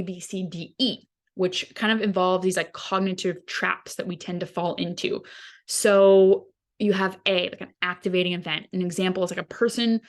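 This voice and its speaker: A woman hosting a wellness podcast as a dietitian, explaining ideas in a casual, conversational way with everyday examples. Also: medium pitch. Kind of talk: casual teaching monologue.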